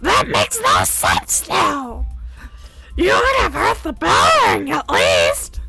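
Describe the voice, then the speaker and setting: A woman voicing a brash, bossy teenage schoolgirl who snaps and shouts. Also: high voice, huge pitch swings, takes it slowly, vocal fry, faint music behind, exaggerated voice. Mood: bratty. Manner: snappy, shouty.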